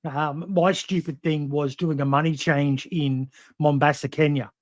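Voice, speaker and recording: Podcast host guy, kinda high voice, dry close sound, lots of ums. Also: fairly even intonation, measured pace, dry recording. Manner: hesitant, lots of "um" and "uh". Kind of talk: casual chat.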